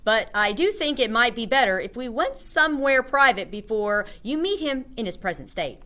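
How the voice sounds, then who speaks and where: Woman reading as a calm firm grandmother, bright voice, lively pitch. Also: moderate pace. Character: calm, patient older grandmother.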